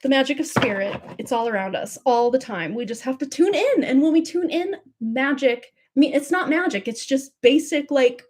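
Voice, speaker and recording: Woman, tarot reader hosting a live stream; slightly high voice, effusive, chatty, spiritual. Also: animated, moderate pace, few pauses, darkish tone. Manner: effusive, breathless, spiritual, many likes and fillers. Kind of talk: live tarot reading, casual and gushing.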